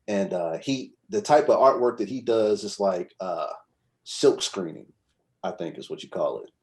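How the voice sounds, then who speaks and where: Male podcast guest, slightly low voice, loose conversational storyteller who rambles and checks in with his listener. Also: animated, moderate pace, darkish tone. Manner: rambling, conversational, frequent "you know what I'm saying". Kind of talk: casual storytelling.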